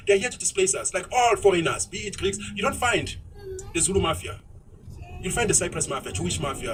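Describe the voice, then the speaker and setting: South african guy ranting fast while he drives, high voice, mic kinda far off with road noise in the car. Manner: ranting, mixes in isiZulu phrases. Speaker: vlogger. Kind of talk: opinionated monologue while driving. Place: inside a moving car.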